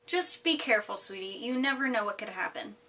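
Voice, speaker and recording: A woman's voice: medium pitch, animated, brisk, voice pushed down. A woman doing a sweet, crude old grandma. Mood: sweetly blunt. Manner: gentle, doting tone. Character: elderly grandmother, sweet-voiced but bluntly crude.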